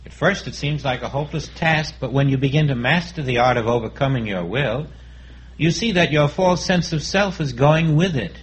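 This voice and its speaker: Man, sermon, calm and reflective, acts out inner dialogues, a touch high-pitched. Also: moderate pace, low-quality recording. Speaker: spiritual teacher.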